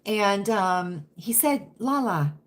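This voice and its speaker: A woman hosting a casual livestream chat with her viewers, who keeps asking "right?" and now and then drops into a hushed whisper. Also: medium pitch, expressive, slow pace. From United States. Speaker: livestream host.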